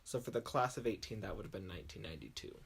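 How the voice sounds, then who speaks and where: A chatty male podcast co-host runs through the week's news in a relaxed, casual way. His pitch bounces around a lot, rising and falling with animated energy, and his talk is loaded with fillers like "like". He sounds easygoing and self-deprecating. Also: very fast, vocal fry, a little hiss or hum. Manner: chatty, heavy use of "like", laughs at himself.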